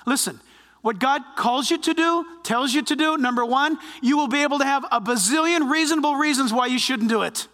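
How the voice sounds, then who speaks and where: High, bright-voiced preacher man in a hall. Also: a little fast. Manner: animated preaching, acting out quoted voices. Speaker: pastor. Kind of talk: sermon.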